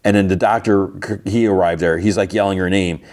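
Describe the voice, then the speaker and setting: Man, very low voice, podcast host, casual recap, rambling, lots of fillers. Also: steady tone, a little fast, a little mellow. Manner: rambling, many fillers and restarts.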